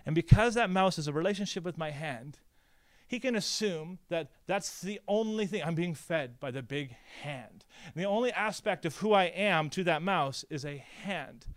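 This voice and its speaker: Man, pastor, slightly high voice, smooth, dry close sound, casual storytelling talk. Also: normal speed, no echo. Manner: animated storytelling, conversational; frequent "like" and "right?" fillers. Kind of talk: conference breakout talk.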